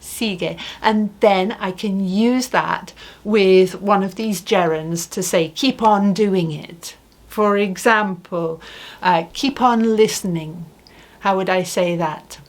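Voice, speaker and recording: In an unhurried spoken lesson, a woman who teaches Spanish uses a mid-range voice to model each phrase. She speaks patiently and deliberately, putting questions to the listener as she goes.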